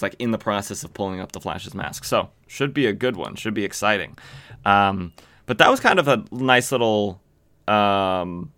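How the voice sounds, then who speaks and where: A man's voice: fairly low pitch, fairly bright tone. A man hosting a podcast, casually recapping a comic book with lots of fillers and self-corrections. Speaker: podcast host.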